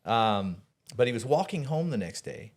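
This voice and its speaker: A man guest telling a long personal story in casual talk, animated, swearing and restarting often. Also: mid-range voice, normal speed. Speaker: podcast guest.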